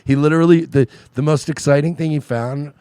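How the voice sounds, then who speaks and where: A man's voice: on the high side, fairly even intonation, fairly quick, dark tone, smooth, no room sound, clean studio sound. A man co-hosting a podcast in crude, profane comedic banter. He laughs often and slips into mock voices. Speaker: podcast co-host.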